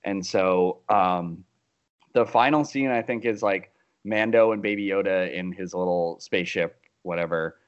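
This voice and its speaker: A man's voice: sits low, unhurried, smooth. A man co-hosting a casual podcast, summarizing an episode loosely and hesitantly, with lots of fillers. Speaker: podcast co-host. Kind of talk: casual chat. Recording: slightly dull lo-fi sound.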